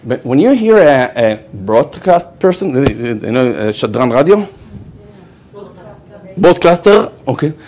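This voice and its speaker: A man's voice: mid-range voice, big pitch swings, unhurried, hardly any pauses, darkish tone. A man with an Israeli accent, a rabbi giving a storytelling lecture, laughing often and checking in with "okay" as he goes. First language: Hebrew.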